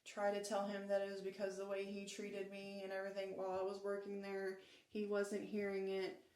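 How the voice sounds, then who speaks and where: A woman telling her own story in a plain, steady first-person way, quoting what others said. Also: medium pitch, fairly quick, reverberant, poor audio. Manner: plain, steady recounting with quoted dialogue.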